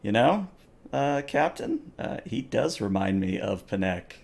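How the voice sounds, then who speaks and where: Man playing a dry, understated alien lieutenant, gravelly and low. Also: very animated, a little slow, darkish tone, full character voice. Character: calm female alien lieutenant.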